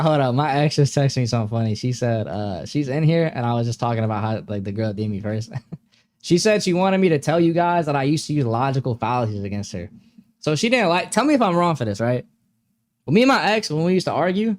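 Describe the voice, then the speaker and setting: Slangy young man with lively pitch. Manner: laid-back, slangy, laughs often. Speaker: live stream host. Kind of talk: casual chat with viewers.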